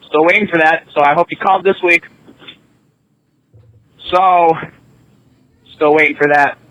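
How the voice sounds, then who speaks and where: A man with a fairly high, bright voice rambles easily through a call-in message. He talks loosely with fillers. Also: steady tone, unhurried, no room sound, rough recording. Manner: rambling, easygoing. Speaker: podcast caller. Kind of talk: casual recorded call-in message.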